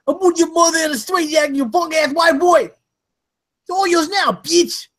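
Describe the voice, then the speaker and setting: A man putting on an impression of a raging boxer selling a grill in a crude, shouted infomercial. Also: very high voice, normal speed, pitched above the performer's own voice.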